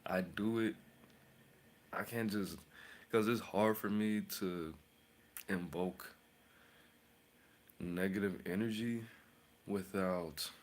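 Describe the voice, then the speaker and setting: Man, very low voice, casual tarot rant, boastful, mocking, drops to whispers. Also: slow, pauses often. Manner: rambling, boastful and mocking, with sudden whispers and outbursts. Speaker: tarot reader and channel host.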